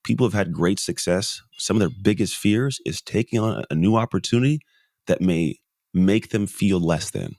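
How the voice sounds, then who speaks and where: A man's voice: sits low, lively intonation, moderate pace, gravelly, darkish tone, no echo, studio quality. A middle-aged man from the United States, a podcast guest, talking emphatically and telling a story with repeated phrases. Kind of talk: motivational conversation.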